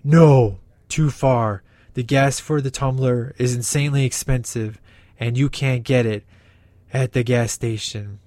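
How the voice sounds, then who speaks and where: A man voicing a brooding male caped vigilante in a comedy skit, growling and breathing heavily with awkward pauses. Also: medium pitch, steady tone, no echo, natural voice. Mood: grumpy stubborn. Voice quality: growling, heavy breathing, shouty. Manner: grumpy and stubborn with awkward pauses.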